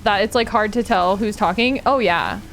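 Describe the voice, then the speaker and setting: Woman, Californian Valley Girl accent, mid-pitched, casual streamer chat, lots of "like", quick laughs. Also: vocal fry, a bit bright, slight background noise. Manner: fills speech with "like" and "oh my God", laughs often. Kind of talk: casual chat while gaming.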